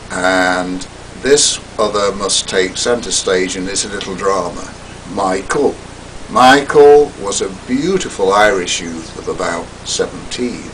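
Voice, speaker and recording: An older man giving a talk, recounting a personal story in a theatrical, wry way that drops to hushed asides. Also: fairly low pitch, takes it slowly, recorded from a distance, slight background noise, rough recording.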